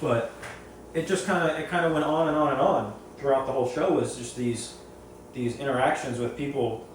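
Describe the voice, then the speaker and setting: A man talks casually about the reef aquarium hobby. He rambles and doubles back on his words. His voice sits at an ordinary pitch and is heard from across a very reverberant room with faint background hiss. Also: moderate pace. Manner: rambling, repeats and restarts phrases. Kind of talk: casual opinionated storytelling. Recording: very echoey room, far from mic, faint noise.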